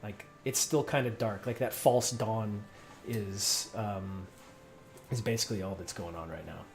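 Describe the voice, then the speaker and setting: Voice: deep voice, measured pace. A game master narrating a tabletop game in a rambling, filler-heavy way.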